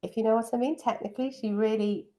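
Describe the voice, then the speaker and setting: A woman's voice: on the high side, steady tone, quick pace, mellow. A middle-aged woman, a piano teacher, chatting fondly about her student days in an interview, with many ums. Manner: fond, reminiscing, frequent ums. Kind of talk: casual interview chat.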